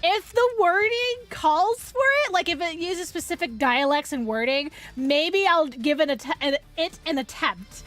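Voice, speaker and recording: High-voiced bubbly woman streamer. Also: expressive, normal speed, hardly any pauses, fairly bright tone, faint music behind. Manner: bubbly, giggly, chatty with viewers. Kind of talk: casual live-stream chat.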